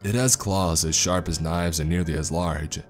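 A deep, low-pitched man narrating a scripted horror story. He reads steadily and matter-of-factly, with faint music playing softly underneath. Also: fairly even intonation, moderate pace.

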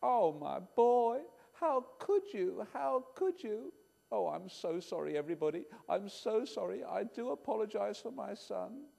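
A man's voice: sits high, wildly swooping pitch, normal speed, long reverb tail, pitched above the performer's own voice, heavily acted. A man voicing a stern mother giving her son a job, bossy and coaxing. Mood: apologetic.

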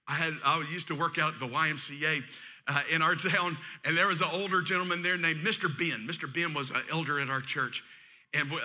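Man, middle-aged pastor, folksy sermon, high voice, sharp bright tone. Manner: folksy, joking and animated preaching.

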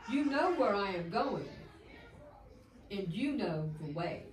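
A woman voicing a gentle male teacher in a Bible story, speaking in a measured, tender way. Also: mid-range voice, very animated. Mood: comforting. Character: gentle, solemn male teacher comforting friends. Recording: roomy, distant mic, faint background hum.

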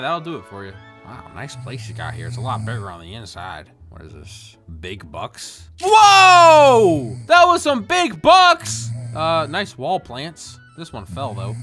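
Excitable, jokey gaming commentator. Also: medium pitch. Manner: jokey, excitable, talks to viewers. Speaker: gaming video host. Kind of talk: playful game commentary.

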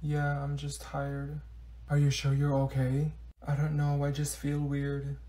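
Man playing a sad sleepy teen girl, mumbly and slow, super low energy, comedy skit. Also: close to an everyday voice. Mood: mopey. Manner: quiet, slow, flat and mopey. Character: gloomy, worn-out teenage schoolgirl, quiet and mopey.

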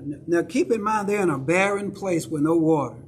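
A man's voice: a little high, animated, normal speed, hardly any pauses, slight background noise. A male pastor with a Southern accent preaching a sermon in a church, talking conversationally and checking in with the congregation. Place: church sanctuary.

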